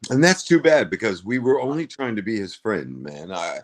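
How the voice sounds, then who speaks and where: A man in casual chat, earnest and halting, often agreeing and trailing off. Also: fairly low pitch, sing-song.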